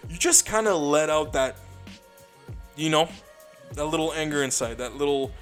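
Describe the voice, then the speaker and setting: A man's voice: fairly high pitch, normal speed, faint music behind. A young man, a comedian, telling loose stories in a rambling, profane way, full of restarts and "dude". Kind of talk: casual storytelling monologue.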